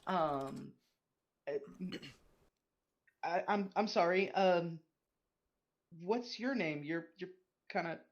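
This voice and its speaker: A woman's voice: lowish voice, slow pace, long pauses, lo-fi sound. A woman playing a tabletop game in character, hesitant and unsure with many fillers. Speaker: player.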